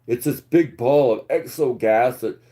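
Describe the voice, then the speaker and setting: A man's voice: medium pitch, measured pace. Ranting man on a live stream. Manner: preachy, ranting, swings between loud and muttered.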